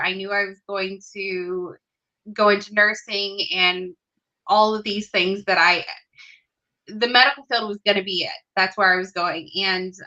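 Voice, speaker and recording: A woman in her thirties shares her own story as a podcast guest, earnest and heartfelt, with small hesitations. Her voice is bright and clear-edged, and the recording sounds dull and lo-fi. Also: medium pitch. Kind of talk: personal storytelling in conversation.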